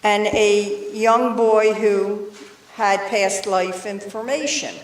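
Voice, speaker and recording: Unhurried older woman lecturing in a roomy hall. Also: medium pitch, a little hiss or hum. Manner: chatty, with joking asides to the audience. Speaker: study group presenter. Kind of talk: informal talk to a study group. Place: synagogue meeting room. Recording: roomy and distant from the mic.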